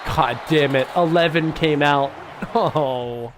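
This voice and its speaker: A young man giving casual, excitable commentary over a football video game, swinging between hype and grumbling. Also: on the high side, takes it slowly. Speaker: gaming YouTuber. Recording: noisy background.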